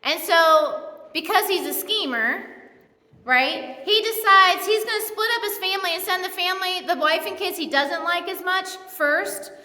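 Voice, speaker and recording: A woman's voice: very high-pitched, moderate pace, sharp tone. A woman pastor giving a sermon in a church, retelling the story in a casual, humorous way. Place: church sanctuary. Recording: echoey church hall.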